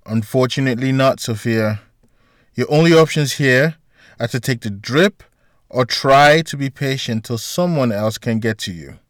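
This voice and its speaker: A man voices a firm female doctor laying down the rules, raising his pitch a little and pushing louder than his narration, clipped and insistent. The recording is dry and close-miked, medium in pitch at normal speed, near an everyday voice.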